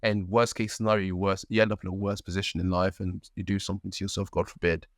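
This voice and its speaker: A young man co-hosting a podcast, his voice sitting a little low and recorded dry and close, with no room sound. He talks earnestly and rambles through his stories, leaning on "like" and checking in with "right?". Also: level tone, fast, dry recording. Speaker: podcast co-host. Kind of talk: casual conversational storytelling.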